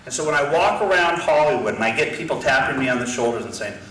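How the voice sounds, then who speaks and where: A man's voice: on the high side, animated, fast. A man giving an impassioned political lecture in a combative way. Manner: forceful, combative, acts out whispered asides. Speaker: guest lecturer. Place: large university lecture hall. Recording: roomy hall, voice from far off the mic, faint noise.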